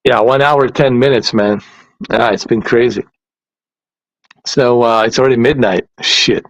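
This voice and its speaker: This podcast host is a man ranting casually and bluntly, swearing heavily, sounding exasperated and laughing at his own points. His mid-range voice has fairly even intonation, moves a little slowly and pauses often. The recording is dry and muffled.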